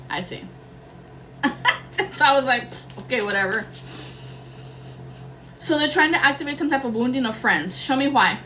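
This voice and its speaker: Young woman, tarot reader, casual rambling talk, swears a lot, slightly high voice, faint background noise. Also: fairly bright tone, low-quality recording. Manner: rambling, slangy, swears freely.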